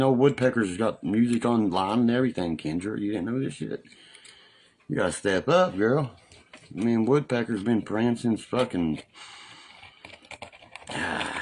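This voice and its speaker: A man's voice: on the low side, vocal fry, a little hiss or hum. A middle-aged man, rambling and swearing in casual live-stream chat, full of fillers. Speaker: livestreamer.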